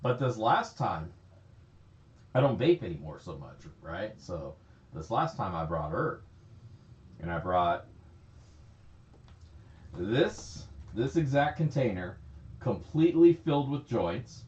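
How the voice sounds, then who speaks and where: A man's voice: low-pitched, big pitch swings, a little slow, darkish tone. A man chatting casually on a livestream, rambling, laughing often and swearing freely. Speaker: livestream host. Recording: echoey, slightly dull stream audio.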